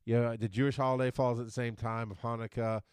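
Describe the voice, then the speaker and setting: Middle-aged male co-host, smooth resonant voice, dry close sound, rambling casual chat. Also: medium pitch, fast, no echo. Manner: rambling, stumbles over words, animated when amused. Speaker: podcast co-host.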